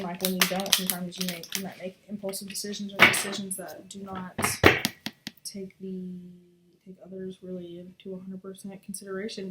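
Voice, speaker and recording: A woman giving a casual, chatty tarot reading, talking bluntly and swearing freely. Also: medium pitch. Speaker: tarot reader. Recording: echoey room with faint noise.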